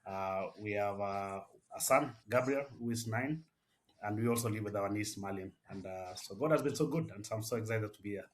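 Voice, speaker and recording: Kenyan man, measured and low. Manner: measured, with frequent "uh" fillers. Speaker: missionary and campus pastor. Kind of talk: interview answers.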